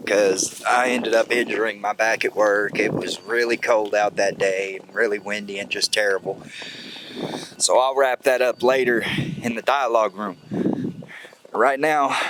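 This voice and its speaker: A man's voice: on the low side, background noise. A man hosting an outdoor hunting and fishing show, talking in a joking, rambling way while cold outdoors by a creek. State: cold, shivering. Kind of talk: casual outdoor vlog talk.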